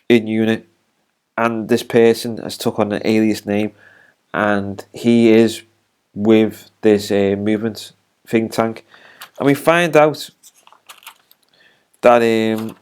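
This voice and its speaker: A man's voice: fairly low pitch, a little mellow. Rambling man recapping a TV episode. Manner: rambling, with many fillers and restarts. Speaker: TV reviewer. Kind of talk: unscripted spoken episode recap.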